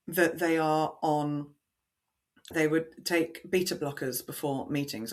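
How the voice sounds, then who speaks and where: A woman voice coach answering podcast interview questions in an expressive, animated way, acting out the lines she quotes. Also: deep voice.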